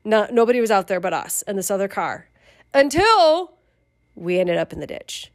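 A middle-aged woman casually telling a personal memoir, animated, swearing and laughing as she goes. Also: mid-range voice, normal speed. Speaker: storyteller.

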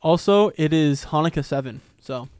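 A young man with a fairly high voice, talking into a close microphone in a dry room. He is playful and stubborn, arguing his point and often stumbling over words in a loose, casual chat. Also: normal speed, a little mellow, smooth, no room sound. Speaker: podcast co-host.

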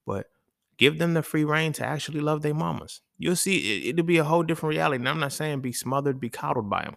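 A man's voice: mid-range voice, gravelly, dry recording, studio quality. A man talking casually and emphatically, with profanity and speech, hosting a solo podcast. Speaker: podcast host.

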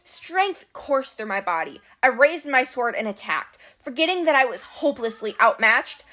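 A woman narrating an adventure story in an expressive, dramatic reading. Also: fairly high pitch, normal speed. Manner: animated, dramatic. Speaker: audiobook narrator.

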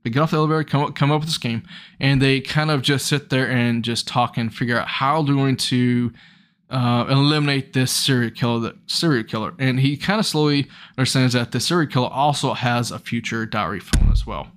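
A young man casually retelling an episode of a show in a loose, rambling way, with his voice jumping higher when something excites him. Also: a little fast.

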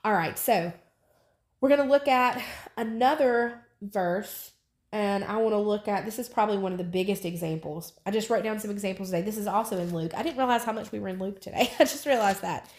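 A woman teaching the Bible casually, earnest and emphatic, repeating her phrases and rising sharply in pitch. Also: fairly quick, darkish tone.

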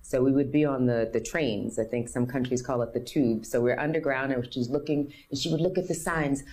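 A woman's voice: extremely low pitch, fairly quick, few pauses, darkish tone. A woman in her fifties from New City, telling her personal story openly and earnestly as an interview guest. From New York City. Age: 50s. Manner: earnest, open, acts out others' voices in quotes.

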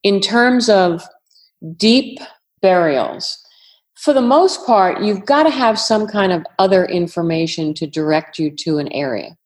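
A retired woman with a New York accent, answering interview questions in a measured, careful way. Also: mid-range voice, expressive. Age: older. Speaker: retired FBI agent, guest.

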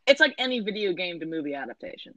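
A woman's voice: on the low side, big pitch swings, fast, a bit bright, dry recording, poor audio. A woman in casual chat recapping a movie, rambling, correcting herself and tossing in sarcastic asides.

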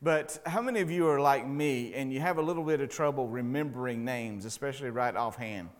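A man preaching a relaxed, conversational sermon as a pastor and chaplain, with a self-deprecating sense of humor and lots of stammered restarts. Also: mid-range voice, fairly quick. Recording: long hall reverb.

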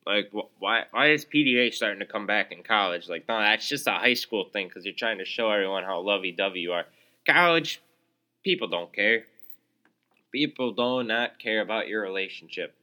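A young man talks alone into his podcast mic, venting in a sarcastic, exasperated way and stumbling over fillers as he goes. His voice sits a little low but has a very bright, sharp edge. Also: lively intonation, moderate pace. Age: young adult. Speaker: podcast host. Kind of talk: solo ranting podcast.

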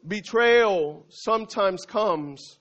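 A male pastor preaches with a high voice, driving points home through repetition and calls to the congregation. The recording is dull and lo-fi. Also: lively intonation, very slow, a bit bright. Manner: emphatic, repetitive preaching with call-and-response. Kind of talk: sermon.

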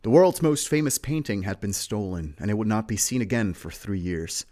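Lower-pitched man telling a history story. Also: lively intonation, moderate pace, warm tone. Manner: playful, teasing, jokes mid-story. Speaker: podcast host. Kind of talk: casual history podcast storytelling.

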